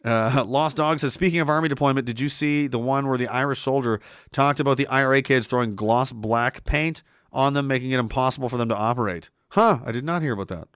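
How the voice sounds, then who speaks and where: A man's voice: medium pitch, fairly quick, fairly bright tone, clear, resonant tone, dry recording, clean studio sound. A man streaming casually, reading chat aloud and rambling sarcastically with lots of fillers. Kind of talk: casual live-stream commentary.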